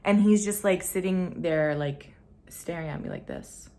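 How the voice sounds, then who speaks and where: Candid young woman vlogger, lowish voice. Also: measured pace. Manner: candid, slangy, expressive, swings between loud emphasis and hushed asides. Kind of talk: personal storytelling to camera. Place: home room.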